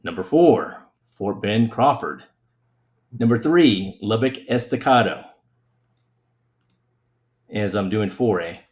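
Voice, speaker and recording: A man's voice: lowish voice, animated, takes it slowly, long pauses. Man co-hosting, listing names plainly. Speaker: podcast co-host. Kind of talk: casual podcast chat, reading out a list.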